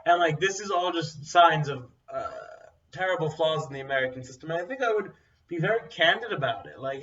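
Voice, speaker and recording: Rambling, bright-voiced young man. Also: a little high, expressive, a little fast, a little hiss or hum. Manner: rambling, blunt, full of fillers. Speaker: co-host. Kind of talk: casual chat. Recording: dull, distant mic sound.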